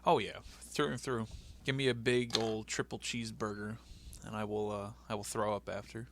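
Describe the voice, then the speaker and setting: A man's voice: on the low side, flat delivery, moderate pace, noisy background. A man co-hosting a podcast, chatting casually about an old wrestling show and laughing as he acts out what people said. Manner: laughing, acts out quotes in loud mock voices. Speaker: podcast co-host. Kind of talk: casual wrestling recap chat.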